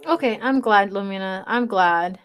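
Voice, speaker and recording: A woman's voice: mid-range voice, normal speed, fairly bright tone, clear, resonant tone. A woman chatting casually with viewers on a livestream, teasing them and reading their comments aloud. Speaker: livestream reader.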